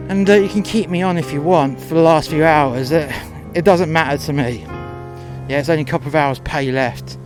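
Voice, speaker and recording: A man tells a profane workplace story and slips into both sides of the argument, swearing freely. His voice sits a little high for a man, with faint music under it. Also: fairly quick. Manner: crude, confrontational, acts out both sides of dialogue. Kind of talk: first-person storytelling.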